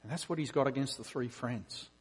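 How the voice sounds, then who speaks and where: A middle-aged man, a preacher and professor, giving a conversational sermon with animated storytelling. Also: medium pitch, brisk, slightly rough. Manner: animated storytelling, acting out quotes.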